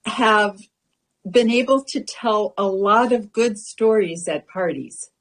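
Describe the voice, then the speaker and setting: A woman hosting a radio interview, asking her guest questions in a relaxed, chatty way. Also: mid-range voice, takes it slowly. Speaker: radio show host. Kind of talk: casual interview.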